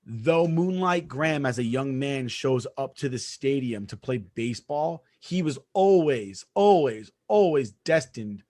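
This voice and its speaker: A man co-hosting a podcast in casual chat, emphatic and quick to argue, swearing freely. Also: mid-range voice, animated, a little mellow. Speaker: podcast co-host.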